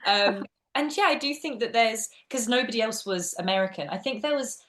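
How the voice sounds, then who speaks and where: A woman's voice: on the high side, fairly quick, a loud crowd. A woman with an English accent, a guest actress and teacher chatting animatedly in an interview over a video call. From England. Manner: animated, quotes people in lively voices. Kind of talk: casual interview chat.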